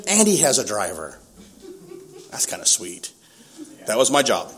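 Slow and pausing often, his medium-pitched, slightly bright voice swings hugely in pitch. The speaker, a man in his fifties from East County in San Diego, casually shares his own story, mocking himself and laughing often.

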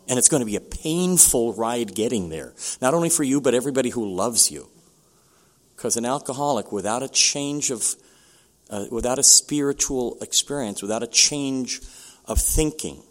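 An older man telling his own recovery story at a meeting, candid and halting, with many restarts. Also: medium pitch, a bit bright.

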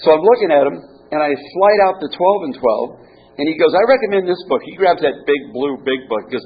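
Brief: self-deprecating man speaking at a recovery meeting, slightly high voice, dull recording. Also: a little fast, husky. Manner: rambling, self-mocking, restarts, chuckles. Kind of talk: personal recovery story. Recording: muffled, faint hiss.

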